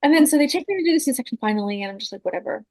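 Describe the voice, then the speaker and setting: A woman's voice: on the high side, rapid-fire. Chatty woman telling a story. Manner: animated storytelling with frequent fillers, swearing and laughter. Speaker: podcast guest. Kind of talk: casual chat.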